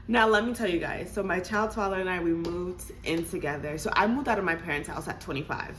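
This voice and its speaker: Young woman vlogger, animated, laughs often, crisp bright tone over faint noise. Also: lowish voice, a little fast, few pauses. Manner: animated and laughing, addresses viewers as y'all. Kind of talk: casual storytime.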